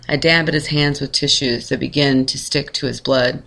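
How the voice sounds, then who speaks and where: A man calmly reading a first-person short story aloud in a measured way. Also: mid-range voice, creaky. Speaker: narrator.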